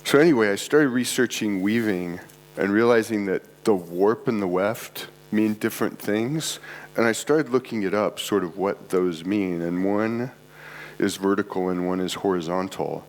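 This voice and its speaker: A congested man presents at a conference held in an art club event space before a live audience, giving a rambling, casual talk full of digressions and self-deprecating asides. His voice is lowish and moderately paced, and the low-quality recording has a faint mains hum.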